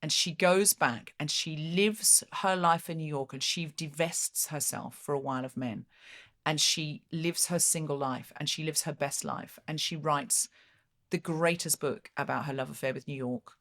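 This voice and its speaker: A woman hosting a podcast in casual chat, animated and acting out lines in put-on voices. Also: low voice, normal speed. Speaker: podcast host.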